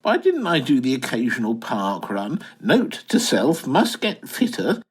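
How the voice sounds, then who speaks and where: An actor playing a bumbling, posh English retiree, flustered and hesitant in a comic audio drama. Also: male voice, medium pitch, huge pitch swings, unhurried, breathy edge, exaggerated voice. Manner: flustered, posh, hesitant, wildly swooping delivery. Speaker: lead character and narrator.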